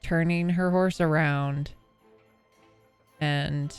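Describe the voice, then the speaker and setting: A woman's voice: low voice, fairly even intonation, very slow, smooth, soft background music. A woman narrating as game master of a tabletop game, hesitant and full of fillers.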